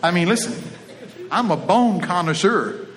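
A middle-aged man with a Texan accent preaches a folksy, joking sermon packed with homespun stories and drawling Southern phrasing. His voice is high and animated, his pace measured, and a crowd can be heard behind him.

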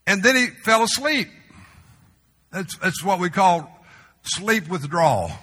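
A male pastor preaching a sermon in a church, conversational with humorous asides, sometimes dropping to a soft, slow voice. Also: sits high, expressive. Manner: drops to a soft, slow voice for tender moments. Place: church sanctuary. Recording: long reverb of a large hall.

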